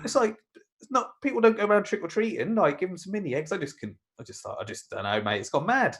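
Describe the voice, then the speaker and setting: A man chats on a podcast, grumbling and acting out little scenes as he goes. He talks fast, and his voice sits a touch high. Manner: moaning, animated storytelling with acted-out quotes. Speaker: podcast co-host. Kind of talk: casual chat.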